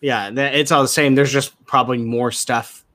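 A man's voice: medium pitch, fairly even intonation, moderate pace, sharp tone, no echo. A young man co-hosting a podcast, talking casually with slang and lots of fillers. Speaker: podcast co-host. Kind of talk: casual chat.

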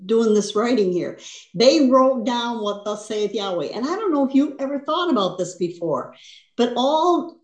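A woman's voice: fairly high pitch, darkish tone, roomy sound. A woman teaching a Bible lesson as a sermon, talking conversationally and often checking in with "you understand?". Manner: conversational preaching, frequent "you understand?" and "see?".

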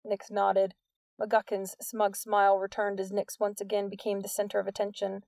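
A woman narrating an audiobook in an even storytelling read. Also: medium pitch, normal speed, gravelly, no room sound, recorded from a distance.

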